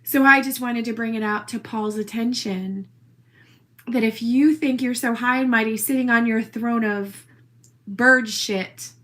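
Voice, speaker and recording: A woman's voice: a little high, steady tone, a little slow, fairly bright tone. A woman ranting into her own video in a brash, profane, defiant way. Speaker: social media poster. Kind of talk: rambling self-recorded video rant.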